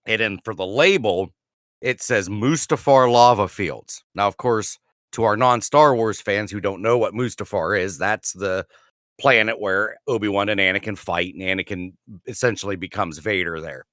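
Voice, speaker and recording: A man's voice: on the low side, normal speed, a bit bright, no echo, studio quality. A man co-hosting a podcast, telling rambling stories in casual chat with restarts and laughs. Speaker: podcast co-host.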